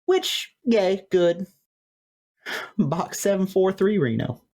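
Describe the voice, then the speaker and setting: A man co-hosting a podcast in casual recap chat, animated and laughing often as he quotes lines. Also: high-pitched, takes it slowly. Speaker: podcast co-host. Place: home room with light fan noise.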